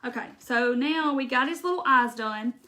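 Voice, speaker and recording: A woman's voice: sits high, normal speed, sharp tone. A woman, chatting casually and a bit rambling as she hosts a live craft stream. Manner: chatty, emotional, rambling with many restarts. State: tearful at times. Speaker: craft livestream host. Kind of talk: casual livestream chat while crafting.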